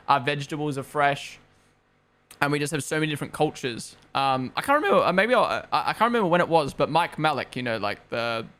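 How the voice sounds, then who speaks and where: A man's voice: medium pitch, a bit bright, clean tone. Young man ranting on stream. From Australia and New Zealand. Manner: rambling, opinionated, swears freely. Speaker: streamer hosting a race watchalong. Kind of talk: casual live-stream chat. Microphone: gaming headset.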